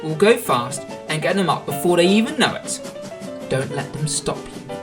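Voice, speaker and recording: A man's voice: on the high side, animated, normal speed, over music, close to an everyday voice. A man voicing a cautious engine driver who gives warnings in a plain, urgent way.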